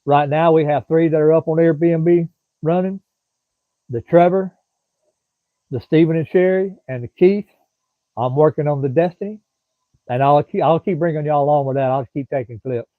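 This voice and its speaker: A middle-aged man with a Southern drawl chats loosely with his live-stream viewers, wandering from thought to thought in a folksy way. His voice sits a touch high. The sound is dry and thin, like a phone line. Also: normal speed, pauses often, dry recording. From Florida. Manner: rambling, folksy, drawling, chats to commenters by name. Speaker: livestream host.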